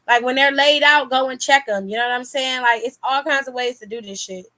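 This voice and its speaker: A young woman talks through wrestling news in a casual, animated vlog style. Her voice sits fairly high. She swears freely and breaks into laughter as she reacts. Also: brisk. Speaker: wrestling commentary vlogger.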